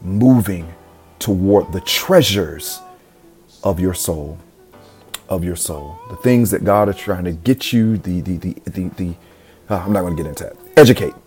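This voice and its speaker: Man, podcast host, low mellow voice, earnest, emphatic, repeats himself, faint music behind. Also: a little slow. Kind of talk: motivational podcast talk.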